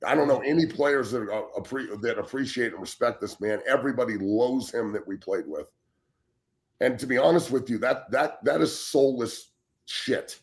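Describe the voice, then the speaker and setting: A former pro football player of about forty, co-hosting a talk show, telling a story in a blunt, profane, emphatic way. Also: male voice, medium pitch, vocal fry. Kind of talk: heated casual talk show rant.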